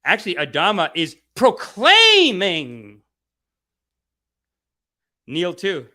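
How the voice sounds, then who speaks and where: Bright, lively male mock guru. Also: slow pace. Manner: mock-preachy, playful, mimics people in high voices. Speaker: comedy guru host. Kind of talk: satirical spiritual-guru livestream.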